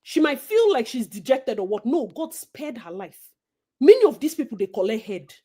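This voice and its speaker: A Nigerian woman co-hosting a casual gossip chat, animated and preachy, slipping into Pidgin. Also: a little high, moderate pace, husky. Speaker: co-host.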